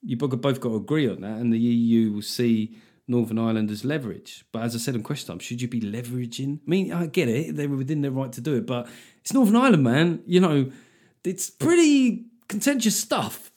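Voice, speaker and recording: A man's voice: medium pitch, a little fast, a little mellow. A man hosting his own podcast, talking in a rambling, sweary, self-mocking monologue. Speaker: comedian podcast host.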